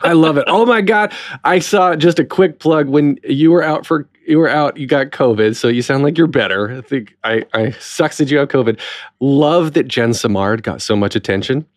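A man's voice: a little high, moderate pace, no echo, studio quality. A man hosting a theater podcast, talking in a chatty and enthusiastic way. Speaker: podcast host. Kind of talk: casual interview chat.

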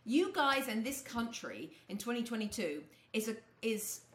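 English lady chatting on a sports podcast, kinda high voice, echoey room, bubbly. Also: normal speed. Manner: lively, enthusiastic, laughs often. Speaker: guest sports broadcaster. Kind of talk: casual podcast chat. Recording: roomy echo.

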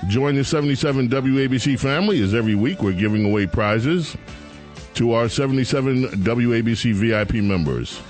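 A man's voice: mid-range voice, animated, brisk, darkish tone, faint music behind. Sarcastic New talk radio man. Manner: sarcastic, mocking. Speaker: radio host.

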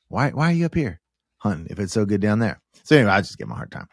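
Man, low voice, dry close sound, casual podcast storytelling, quotes both sides, many restarts. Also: rapid-fire, no echo. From Kansas. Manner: animated retelling with quoted dialogue and restarts. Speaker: podcast host.

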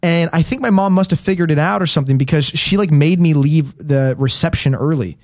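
A man hosting a casual live web show, chatting and reading quiz questions in an animated way. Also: a little high, a little fast, dry recording, clean studio sound. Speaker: host.

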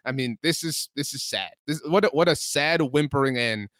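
A slightly high-voiced man rants through a casual sports debate, piling on fillers as he presses each point. He comes through close and dry, with no room sound. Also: moderate pace, no echo. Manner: animated, ranting, heavy use of "like". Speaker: podcast co-host.

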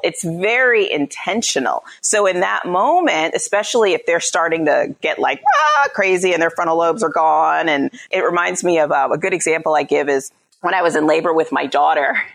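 A woman's voice: on the low side, lively intonation, normal speed, gravelly, fairly bright tone. A woman psychologist and parenting coach explaining her ideas in a conversational interview, often checking in with "right?".

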